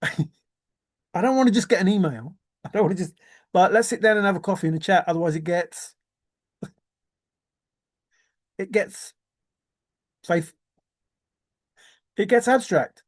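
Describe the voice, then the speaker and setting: A man's voice: sits high, measured pace, pauses often. A man rambling in a teasing, giggly solo monologue, often laughing and repeating words. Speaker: treasure-hunt video maker.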